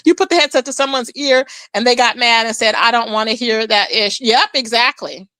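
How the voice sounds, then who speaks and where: A high, bright-voiced woman hosts a chatty gossip livestream, swooping up and down as she talks to her chat. Her voice sits close and dry on the mic, with no room around it. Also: fairly quick, no echo. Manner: chatty, animated, calls viewers "child" and "baby". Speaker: livestream host.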